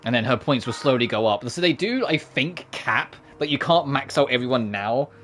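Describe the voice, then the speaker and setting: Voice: mid-range voice, animated, moderate pace, fairly bright tone, faint music behind. A streamer giving casual, rambling commentary on a game playthrough, with lots of fillers and self-deprecating asides.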